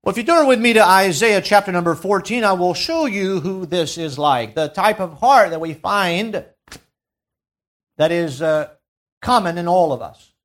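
A man's voice: sits high, lively intonation, moderate pace, a bit bright. A man preaching a sermon, emphatic, rising and dropping in volume and asking the congregation to fill in words. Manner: emphatic, swells and drops in volume.

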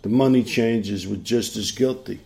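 A male preacher delivering a sermon in a gravelly, somewhat low voice. He hammers his points home, repeating key phrases and firing off rhetorical questions at the congregation. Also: normal speed, warm tone.

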